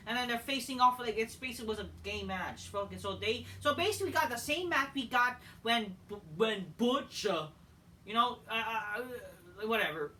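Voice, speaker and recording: Bright-voiced man ranting, profane and exasperated. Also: very high voice, moderate pace. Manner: swings from loud outbursts to flat mutters. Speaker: wrestling show reviewer. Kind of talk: ranting solo show review. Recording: distant mic, faint background noise.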